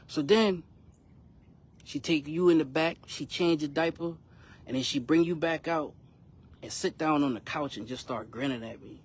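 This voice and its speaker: A man's voice: fairly high pitch, normal speed, a little hiss or hum. A young man, a rapper telling his son a frustrating personal story in a casual, emphatic vlog full of slang. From South Carolina, US.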